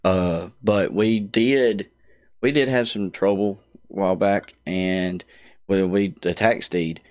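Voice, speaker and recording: A Southern man with a very deep voice talks as a guest in a casual chat, plain-spoken and down to earth. His speech is recorded close and dry, with no echo around it. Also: takes it slowly, clear, resonant tone.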